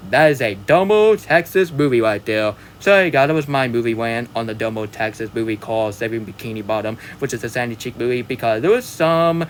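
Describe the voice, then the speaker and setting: A man's voice: medium pitch, lively intonation, fairly quick, few pauses, a little hiss or hum. A man delivering a rambling, ranting movie review vlog, repeating himself and often apologizing. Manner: exaggerated whooping yee-haw sign-off.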